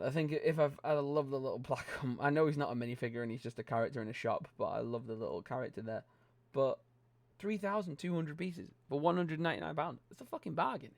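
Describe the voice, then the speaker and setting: A man's voice: mid-range voice, a little mellow, dry recording. Ranting British man, blunt and sweary. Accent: British English. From Britain. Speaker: LEGO channel host. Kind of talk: casual opinionated vlog. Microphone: close desk microphone.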